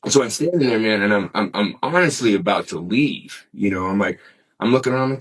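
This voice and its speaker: A man's voice: fairly low pitch, lively intonation, brisk, breathy edge, poor audio. A middle-aged man telling a story as an interview guest in casual, rambling talk, swearing freely and saying "man" often. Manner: rambling, laid-back, peppered with "man" and swearing.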